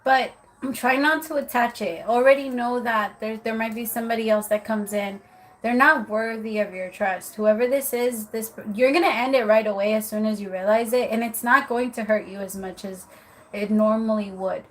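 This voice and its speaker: A woman's voice: a little high, moderate pace, poor audio. A woman giving tarot readings on a live stream, chatty and apologetic, laughing often. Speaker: tarot reader.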